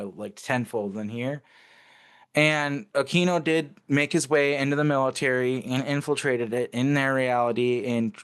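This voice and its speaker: A man's voice: mid-range voice, clear, resonant tone. A man talking as an interview guest, recounting memories casually but intensely and swearing freely.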